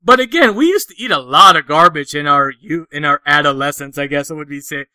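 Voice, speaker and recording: A man's voice: on the high side, expressive, brisk, bright, forceful tone, clean tone, no room sound. Crude, joking New man. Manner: crude, joking, swears a lot. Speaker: podcast co-host. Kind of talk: casual chat.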